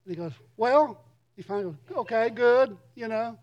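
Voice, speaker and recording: A middle-aged man, a pastor, preaching a sermon in an earnest way and reading scripture slowly with emphasis. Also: very high-pitched, a little mellow, dull audio.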